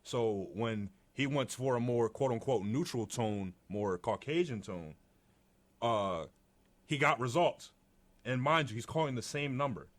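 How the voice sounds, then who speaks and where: Young man with a deep, easygoing voice. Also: unhurried. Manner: relaxed, conversational, many fillers. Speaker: podcast co-host. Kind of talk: casual chat.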